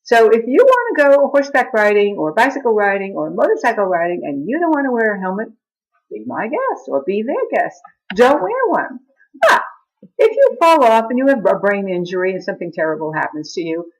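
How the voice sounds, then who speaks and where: A woman's voice: fairly high pitch, low-quality recording. A middle-aged woman vlogging in a casual chat to camera, laughing at her own jokes as she talks.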